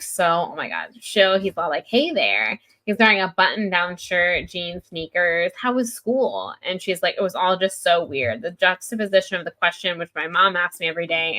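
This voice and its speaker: With a lowish voice that sounds pushed and bright, a female podcast co-host talks through a book in a chatty way. She fills her speech with "like" while recounting scenes and quoting lines from them.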